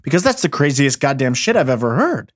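A man's voice: mid-range voice, sing-song, brisk, no room sound, studio quality. A man hosting a casual solo podcast, ranting about the news with heavy profanity and rambling restarts. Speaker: podcast host.

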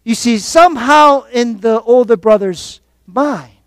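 A man preaching a sermon to his congregation, calling out for responses and swinging between quiet reflection and loud exhortation. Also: very high-pitched, a little slow, no room sound. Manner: call-and-response preaching, rising and falling in force. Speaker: pastor.

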